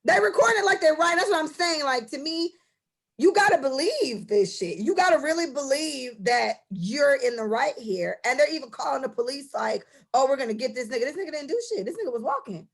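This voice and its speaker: A young woman co-hosting a casual podcast chat. She talks in a fired-up, profane way and acts out the people she is telling about. Her voice sits a little on the high side. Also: animated, normal speed, gravelly. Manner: impassioned, profane storytelling. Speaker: podcast co-host.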